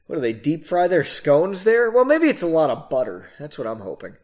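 Lively man reading with self-mocking asides. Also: fairly high pitch, moderate pace, few pauses. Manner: casual, self-mocking asides between passages. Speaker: reader of his own novel. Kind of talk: reading a story aloud with off-the-cuff asides.

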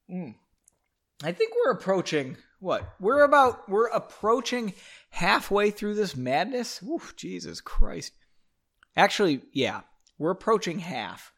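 A man's voice: high voice, takes it slowly. A man reading a story aloud, breaking off for irreverent, joking asides. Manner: animated, irreverent, self-mocking. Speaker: story reader.

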